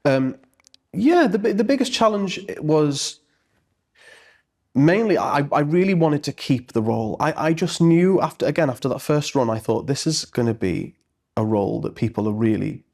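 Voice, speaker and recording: A man's voice: on the high side, lively intonation, moderate pace, vocal fry, a little mellow. A man from Merseyside, an actor answering in a casual interview, earnest and reflective with frequent restarts. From Merseyside, England. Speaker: stage actor, interview guest.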